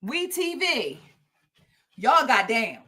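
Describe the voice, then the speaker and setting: Lively high-voiced woman livestream host. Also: slow pace. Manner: animated, playful, chatty with viewers. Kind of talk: casual livestream chat.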